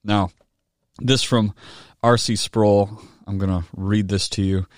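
A man preaches a Bible study in a low, grounded voice, talking to his congregation in a loose conversational way. The sound is dry and close with no room echo. When he reads aloud, he lifts his voice for emphasis. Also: fairly even intonation, slow pace. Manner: conversational, with tag questions and gentle humor; rises in pitch and volume when reading a quoted book aloud. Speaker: pastor teaching a Bible study. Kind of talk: sermon.

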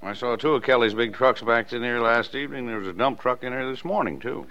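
An actor playing a patient small-town father in a 1940s radio play, talking gently and mildly teasing. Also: medium pitch, quick pace, natural voice. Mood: fond. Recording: dull, hissy 1940s radio broadcast.

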